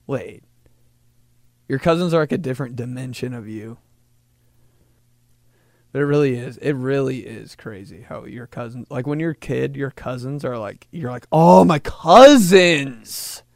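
A man's voice: mid-range voice, creaky, a little mellow, no room sound. Rambling comedic man, dry close sound. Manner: rambling, jokey, slips into quick voices for people. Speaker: podcast host. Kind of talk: casual comedic monologue.

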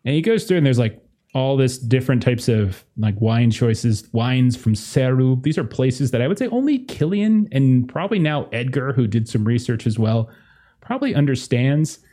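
Halting male game master, dark voice. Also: mid-range voice, animated. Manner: halting, many filler words and restarts. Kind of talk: narrating a tabletop horror game.

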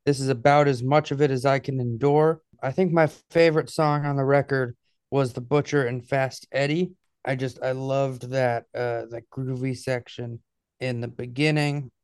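Wry, laid-back man, smooth dry voice. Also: medium pitch, steady tone, normal speed, darkish tone, no room sound. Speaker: podcast co-host. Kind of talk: casual chat.

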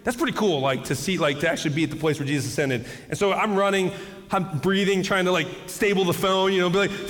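A man preaching a sermon as pastor, telling stories with lively swings between excited high bursts and quiet low asides. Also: a little fast, big-room sound. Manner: animated storytelling, jumps high when excited.

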